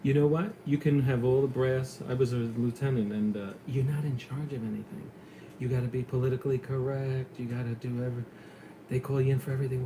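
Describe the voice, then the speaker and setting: A man's voice: medium pitch, fast talker, a little hiss or hum, rough recording. Chatty New York man telling stories. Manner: chatty storyteller, animated when retelling. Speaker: former police lieutenant. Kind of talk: casual chat on a call.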